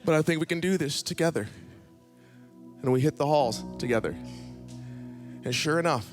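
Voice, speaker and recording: A young male preacher with a notably high voice tells his stories with lively energy, slipping into the voices of the people in them. Soft music plays faintly behind his sermon. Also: moderate pace. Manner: animated, acts out dialogue in his stories. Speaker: guest speaker. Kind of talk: storytelling sermon. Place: church stage.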